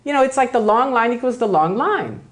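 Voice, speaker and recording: Give me an animated woman lecturer with a very lively, swooping voice, talking to a live audience. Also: fairly high pitch, fairly quick. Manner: animated, acts out other people's voices in quotes. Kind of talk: lively storytelling talk to an audience.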